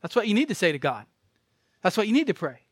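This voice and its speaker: A male preacher with a high voice delivers a sermon earnestly, pressing each point and repeating key phrases. The sound is dry and close, with no room echo. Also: very animated, fast talker.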